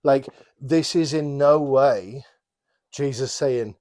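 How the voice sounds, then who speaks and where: A man talking through scripture on a relaxed podcast, with a voice that sits in the middle of the male range. He wanders, repeats his words and stops to apologise before carrying on. It sounds like an easy, unscripted conversation. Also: mid-range voice, slow pace. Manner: rambling, self-interrupting, apologetic asides. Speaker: podcast co-host. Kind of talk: casual Bible study chat.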